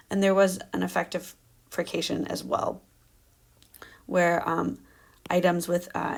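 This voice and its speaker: With a fairly low, creaky voice, a young woman pursuing her doctorate gives a careful research presentation sprinkled with fillers.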